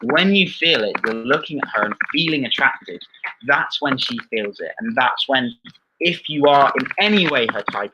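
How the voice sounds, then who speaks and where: A man's voice: mid-range voice, pushed and bright, a little hiss or hum. A man explaining dating advice earnestly on a live Q&A stream. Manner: earnest, explanatory, restarts mid-sentence. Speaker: dating coach co-host. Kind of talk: live Q&A chat. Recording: dull lo-fi stream audio.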